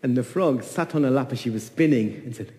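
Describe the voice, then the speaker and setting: A man telling a folk tale in an animated way, repeating phrases and voicing the characters. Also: medium pitch, a little fast, big-room sound. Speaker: storyteller. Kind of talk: oral folk-tale storytelling.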